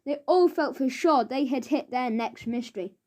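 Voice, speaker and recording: A woman with a high voice reads a children's mystery aloud. Her narration is steady and clear, in a plain storytelling manner. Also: normal speed.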